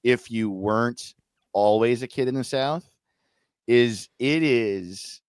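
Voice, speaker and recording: A man's voice: mid-range voice, takes it slowly, clean tone, dry recording, studio quality. A man in casual comedic podcast chat, joking and slipping into silly voices. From Chicago area. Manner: joking, does silly put-on voices, laughs often.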